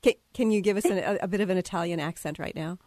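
A woman's voice: lowish voice, quick pace, a little mellow, no room sound, studio quality. A woman hosting an interview, asking questions and encouraging her guest with short acknowledgements. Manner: encouraging, frequent brief acknowledgements. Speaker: interviewer, host.

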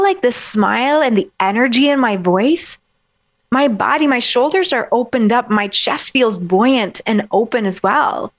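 A woman life coach gives a gentle, encouraging self-help talk, guiding the listener through slow breaths in a medium-pitched voice with lively intonation.

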